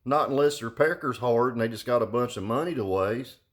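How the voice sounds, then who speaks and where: A man's voice: mid-range voice, fairly quick. An older man, ranting into a phone held at arm's length in a profane, mocking vlog, laughing and cussing often. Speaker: car audio vlogger.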